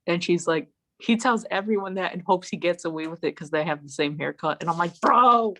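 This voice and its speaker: A woman's voice: on the low side, brisk. A woman guest on a casual online talk show, telling stories with lots of swearing and acted-out quotes. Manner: profane, animated storytelling with acted-out quotes. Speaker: podcast guest. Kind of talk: casual storytelling chat. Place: home, remote call.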